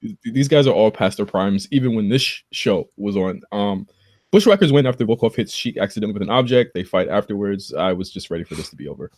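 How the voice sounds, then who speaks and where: A man's voice: fairly low pitch, expressive, fast, a little mellow, no room sound, clean studio sound. A young man co-hosting a casual podcast, running down old wrestling matches in a laid-back way, with "dude" and "bro" here and there. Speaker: podcast co-host. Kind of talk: casual chat reviewing old wrestling shows.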